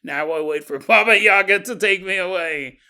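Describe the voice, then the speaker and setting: A man voicing an easygoing young man who talks in a flat, mock-resigned way. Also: high voice, moderate pace, smooth, heavily acted.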